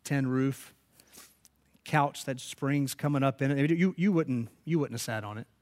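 A man's voice: medium pitch, a little slow, darkish tone. A man preaching a sermon, telling stories and rising to emphatic peaks. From United States. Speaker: pastor.

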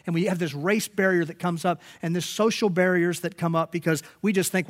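A man's voice: high-pitched, steady tone, a little fast, hardly any pauses. A man preaching a sermon, telling stories and rising to emphatic peaks. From United States. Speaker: pastor.

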